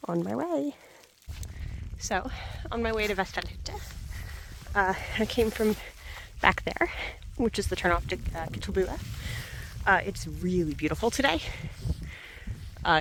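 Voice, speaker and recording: A solo backcountry skier films herself outdoors on a snowy mountain trail, narrating a casual vlog to the camera while out of breath from skiing. She's chatty and upbeat, laughing often and using many fillers, in a gravelly, fairly bright voice of medium pitch. Faint wind noise runs beneath her, and the recording quality is low.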